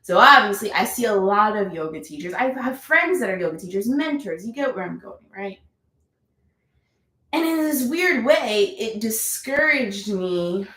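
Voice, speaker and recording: A woman's voice: medium pitch, a bit bright, roomy sound, low-quality recording. A woman leading a live yoga class, chatty and encouraging, repeating her cues. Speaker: yoga instructor.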